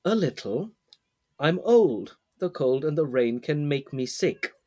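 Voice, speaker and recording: Old grandfather, shivering but gentle and coaxing, as a man reads him. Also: on the high side, big pitch swings, unhurried.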